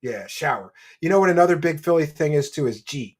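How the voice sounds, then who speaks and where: A man's voice: fairly high pitch, quick pace, darkish tone. A man hosting a livestream, chatting casually and reading donations in a brash, mocking, foul-mouthed way. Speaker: livestream show host.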